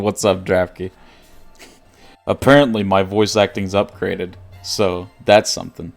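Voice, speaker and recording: During a live game stream, a man jokes around and laughs frequently while chatting with viewers. His low voice barely moves in pitch, runs a little slow and creaky, and soft music plays behind him.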